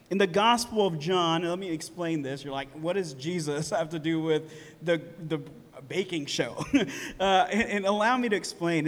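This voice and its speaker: A man preaching a sermon in a relaxed, conversational way, often tagging points with "right?" and laughing lightly. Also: high-pitched. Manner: casual, conversational preaching with many "right?" asides. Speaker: pastor. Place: church hall. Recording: long reverb of a church hall.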